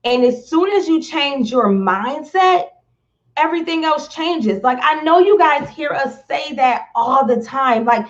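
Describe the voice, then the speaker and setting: A woman speaks on a live stream in an earnest, emotional way, close to tears. She talks very slowly and often repeats words as she searches for them. The sound is slightly muffled, as from a phone or laptop mic. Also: sits high. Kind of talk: heartfelt live-stream talk.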